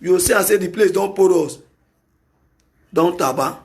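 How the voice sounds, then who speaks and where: A Nigerian-accented man hosts a talk show with an opinionated solo monologue. His voice sits high for a man, and he hammers his points through repetition, at times breaking into shouts. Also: moderate pace, creaky, slight background noise. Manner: emphatic and repetitive, with bursts of shouting.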